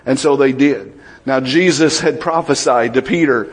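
Preaching a sermon in a conversational style, a man quizzes the congregation and acts out voices from the Bible. His voice sits in the mid range, slightly rough, at a moderate pace.

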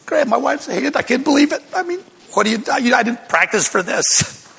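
A man's voice: very high-pitched, big pitch swings, a little fast, gravelly, a bit bright, husky, big-room sound. An older man, a pastor, telling a personal testimony to his congregation as an emotional storyteller who laughs between lines.

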